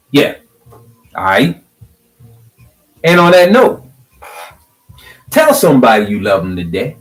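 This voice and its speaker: Fired-up animated man ranting. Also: mid-range voice, moderate pace, long pauses, poor audio. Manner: animated, preachy, swings from hyped to calm. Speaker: video blogger. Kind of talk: fired-up social media rant.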